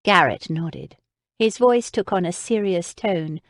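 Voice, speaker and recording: Expressive female audiobook narrator. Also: fairly low pitch, slow, no room sound, studio quality. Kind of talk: audiobook narration of a historical romance.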